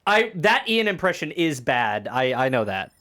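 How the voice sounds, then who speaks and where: Lively, laughing man streaming a strategy game. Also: fairly high pitch, normal speed. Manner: laughs often, swears, chatty commentary on his game. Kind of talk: casual gaming stream chat.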